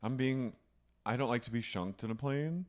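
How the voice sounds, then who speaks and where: A man co-hosting a casual podcast, campy and animated, often mimicking people in a high mock voice. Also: normal speed. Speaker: podcast co-host. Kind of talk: casual chat.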